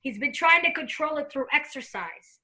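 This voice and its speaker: A woman giving a psychic reading in a lively, laughing conversation. She often slips into quoting the spirit she says is talking to her. Her voice sits high and rings very bright. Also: normal speed, rough recording. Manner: chatty and laughing, acts out the spirit's lines. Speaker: psychic medium.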